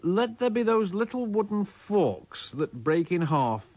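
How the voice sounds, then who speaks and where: A man voicing a grandly proclaiming male Lord of creation in a theatrical, stately, drawn-out manner. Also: high-pitched, very animated, a little mellow, no echo, voice pushed up, exaggerated voice.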